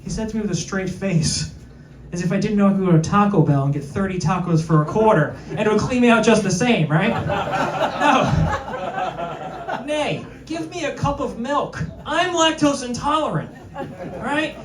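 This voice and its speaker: High-voiced comedian in an echoey club. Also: male voice, lively intonation. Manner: self-deprecating, rapid asides to the crowd. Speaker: stand-up comedian. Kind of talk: stand-up set. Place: comedy club with live audience. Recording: echoey club, distant mic, crowd noise.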